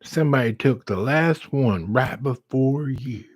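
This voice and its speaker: A man quoting a friendly, confiding fast-food worker woman in his story. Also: mid-range voice, breathy edge, no room sound, pitched above the performer's own voice.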